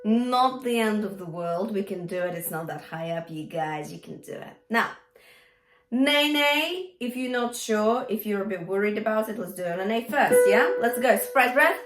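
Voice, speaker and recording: A woman's voice: medium pitch, animated, normal speed, reverberant, soft background music. A woman vocal coach teaching a singing lesson, encouraging her students and checking in with "yeah?" and "okay?" as she explains.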